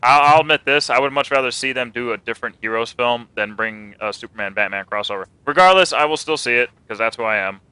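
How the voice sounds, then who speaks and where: Guy doing casual comic news chat, really bright crisp voice, swears a lot. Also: medium pitch, fast, hardly any pauses, dry recording, poor audio. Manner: swearing, rambling, joking. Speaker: podcast co-host.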